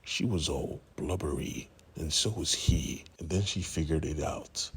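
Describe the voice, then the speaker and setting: A man's voice: a bass voice, unhurried, husky. A man casually retelling a comic story, conversational, with asides to the listener. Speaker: comic recap narrator.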